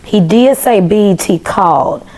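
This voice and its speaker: Animated woman telling a story. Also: medium pitch, unhurried. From Memphis, Tennessee. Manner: animated, acts out quoted dialogue. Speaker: podcast guest. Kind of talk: casual storytelling.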